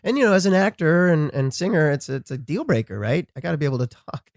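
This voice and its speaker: A man's voice: a little high, lively intonation, dry recording. Man chatting on a podcast, trips over his words a lot, dry close sound. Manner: halting, restarts, stumbles over words. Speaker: podcast guest. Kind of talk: casual conversation.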